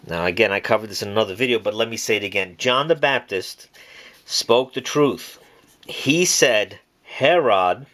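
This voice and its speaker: A man at an ordinary middle pitch delivering a scripture lesson with insistent emphasis. He circles back and repeats the words he wants to drive home, and he draws out phrases slowly for weight. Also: fairly bright tone. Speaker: Bible teacher. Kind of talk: preachy monologue on scripture.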